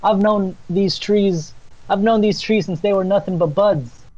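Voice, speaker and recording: A man voicing an angry female tree nymph who scolds the lumberjacks in an indignant, shrill tone. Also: a little slow, a little mellow, no room sound, lo-fi sound, close to an everyday voice.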